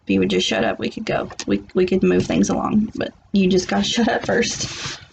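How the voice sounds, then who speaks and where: A woman voicing an exasperated man who wants his partner to let him take the lead, in her own gravelly voice. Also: mid-range voice, level tone, brisk, a little mellow, a little hiss or hum. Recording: muffled lo-fi recording.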